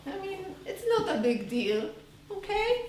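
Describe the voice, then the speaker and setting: A woman's voice: sits high, very animated, slow pace, a little hiss or hum, exaggerated voice. A woman voicing a tired, blunt mother who teases her child, recorded live on a theater stage. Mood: teasing. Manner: bluntly teasing, chuckling. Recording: live stage, roomy hall from far off.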